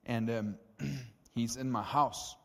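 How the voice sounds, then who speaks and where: A young man preaching a testimony sermon, telling stories with lively acted-out dialogue. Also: mid-range voice, slow pace, gravelly. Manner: animated, acts out dialogue in stories. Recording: long reverb of a hall.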